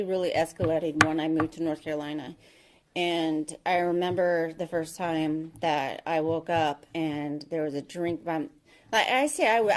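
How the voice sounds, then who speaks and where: A woman in her thirties with a fairly low voice tells her own recovery story to a meeting. Her talk is frank and halting, with many ums and restarted sentences. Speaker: AA meeting speaker.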